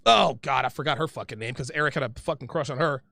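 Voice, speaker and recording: Guy in his 30s ranting a story, swears a ton, gravelly high bright voice, dry close sound. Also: quick pace, dry recording. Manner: profane, animated, rambling. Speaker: podcast guest. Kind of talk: casual storytelling.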